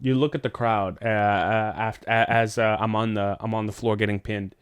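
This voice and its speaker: A man on a podcast tells a rambling dream story in a smooth, clear voice. He swears freely, laughs often, and jumps up in pitch whenever he acts out what someone said. The sound is dry and close, with no room echo. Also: steady tone, moderate pace. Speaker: podcast host. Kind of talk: casual chat, telling a dream story.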